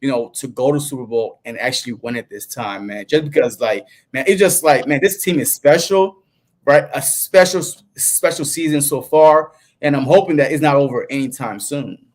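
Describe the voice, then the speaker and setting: A man's voice: medium pitch, normal speed, a little mellow. A man co-hosting a casual sports podcast, laid-back and peppering his talk with "man". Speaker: podcast co-host.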